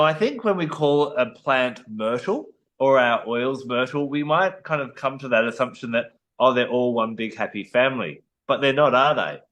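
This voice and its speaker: Australian man, mid-pitched, thoughtful, explanatory, casual co-host. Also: fairly bright tone, rough recording. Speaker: aromatherapy co-host. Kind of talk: casual educational chat.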